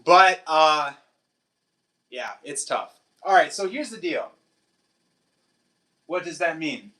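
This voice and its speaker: A man with a bright, forceful voice pitched a little above the usual chats with his viewers on a livestream. He laughs often and slips into now and then. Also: lively intonation, takes it slowly. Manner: chatty, laughs often, switches between English and Portuguese. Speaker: livestream host. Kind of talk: casual chat with live chat.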